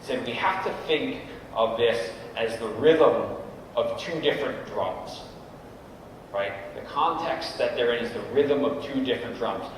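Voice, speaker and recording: Man, middle-aged, conversational, long reverb, distant camera, faint rumble. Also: unhurried. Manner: conversational, often adds "right?" to check in with the room. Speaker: guest speaker at a coaches' meeting. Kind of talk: informal talk to an audience. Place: large room at a meeting. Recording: echoey hall recorded from far off.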